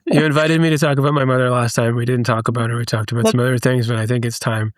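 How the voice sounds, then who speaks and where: A man in his fifties from the production team, speaking candidly and haltingly about personal matters. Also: medium pitch, steady tone, no echo, clean studio sound. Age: 50s. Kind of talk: podcast conversation.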